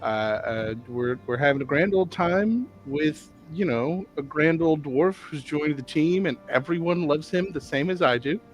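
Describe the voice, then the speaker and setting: A man's voice: on the high side, unhurried, few pauses, faint music behind. A man chatting casually as a player in a tabletop game, joking and rambling.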